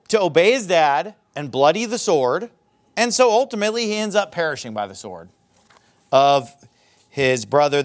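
A man preaching a sermon as pastor, emphatic and repetitive, hammering his points home. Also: high voice.

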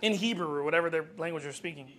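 A man preaching a sermon as pastor, animated and joking, acting out scenes from the Bible. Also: fairly high pitch, racing.

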